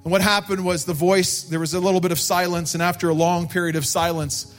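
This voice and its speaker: A man preaching a sermon in a church service, slow and emphatic, and he lifts his voice to stress his points. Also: high-pitched, little pitch movement, faint music behind. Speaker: pastor.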